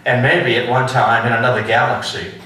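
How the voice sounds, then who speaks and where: A man giving a history lecture to an adult class, slow and emphatic, asking rhetorical questions and repeating phrases. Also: medium pitch, level tone, pushed and bright. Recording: echoey room, mic at a distance.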